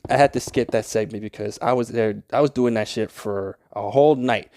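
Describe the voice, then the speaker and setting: A man's voice: on the low side, fairly quick, darkish tone, slight background noise. A young man talking through a game tutorial in a casual, rambling way, swearing often and easily annoyed. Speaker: Minecraft tutorial creator. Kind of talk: casual gameplay tutorial voice-over.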